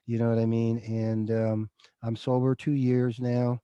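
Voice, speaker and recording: A middle-aged man speaks as an interview guest, open and emotional, and he keeps saying dude. His voice is mellow and dark, and the recording is dry and close. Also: medium pitch, level tone, measured pace, smooth, no echo, lo-fi sound. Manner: emotional, confessional, says dude often. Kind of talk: candid interview storytelling.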